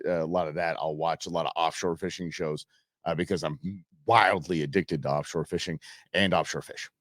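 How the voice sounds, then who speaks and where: A man's voice: sits low, no room sound, studio quality. A man hosting an outdoors talk show, chatting casually and rambling with fillers and restarts. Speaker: radio show host.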